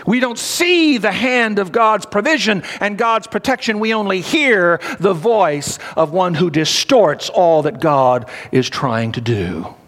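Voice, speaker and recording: A man's voice: high voice, animated, measured pace, few pauses, a bit bright. A man preaching a sermon in an emphatic style, repeating phrases and prompting his listeners for responses. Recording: long reverb of a large hall.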